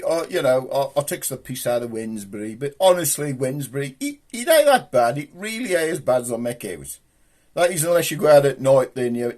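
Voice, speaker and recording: A man's voice: medium pitch, darkish tone. Black country bloke rambling on his comedy show, jokey, voice bounces up and down a lot. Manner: joking, rambling, dialect-heavy. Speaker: puppet comedy show host. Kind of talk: rambling comic chat to viewers.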